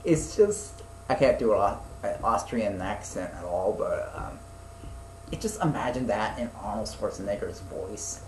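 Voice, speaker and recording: A man's voice: fairly low pitch, animated, measured pace, a little mellow, slight background noise. Rambling young man in an echoey room. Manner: rambling, swears, many fillers and restarts. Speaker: podcast co-host. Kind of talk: casual chat.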